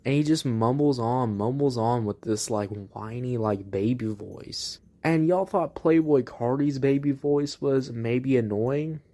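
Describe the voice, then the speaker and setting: A man's voice: mid-range voice, a little slow, hardly any pauses, dark tone. A man hosting a casual album review, ranting bluntly and profanely with exasperation. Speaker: music reviewer host.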